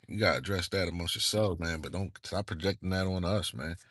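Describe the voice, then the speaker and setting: Low-voiced exasperated man ranting. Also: pushed and bright, no echo, clean studio sound. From Northeastern US. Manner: exasperated, repeats "man" and "bro". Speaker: channel host. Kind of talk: casual commentary rant.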